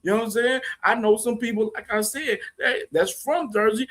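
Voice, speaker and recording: A man's voice: sits high, moderate pace, a bit bright. A man hosting a casual boxing live stream, laughing often, slangy and profane, talking straight to his chat. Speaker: boxing show host.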